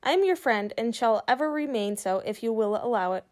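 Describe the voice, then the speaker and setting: A woman's voice: fairly high pitch, expressive, fairly quick, darkish tone, natural voice. A woman voicing a curious, polite young boy while reading a children's book aloud. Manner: eager, polite.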